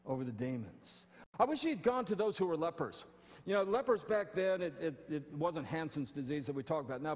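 A male pastor preaching an animated sermon, often restarting phrases. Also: fairly high pitch, big-room sound. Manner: animated, stumbling restarts, acting out quotes. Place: church sanctuary.

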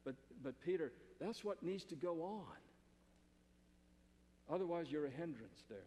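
A man's voice: on the high side, animated, moderate pace, mellow, big-room sound. A male pastor preaching a sermon in a church, emphatic and conversational, often repeating phrases.

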